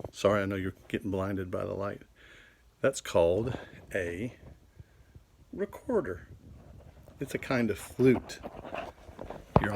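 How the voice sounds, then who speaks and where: A man's voice: lowish voice, background noise. Older male teacher; upbeat, jokey kid-friendly delivery, recorded in a home office on a handheld camera. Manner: cheerful, corny jokes, speaks to kids. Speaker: children's Bible class teacher. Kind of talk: children's show talk.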